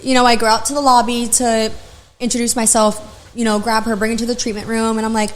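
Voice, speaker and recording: A woman esthetician telling stories in a casual podcast chat, animated, frank and profane. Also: fairly high pitch, a little fast, rough recording.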